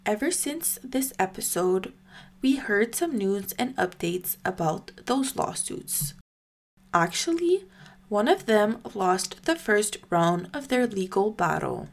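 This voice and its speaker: A woman hosts a news podcast and reads her scripted recap at an unhurried, deliberate pace. Her voice sits in a middle pitch, and she stays careful and even throughout. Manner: measured, careful reading.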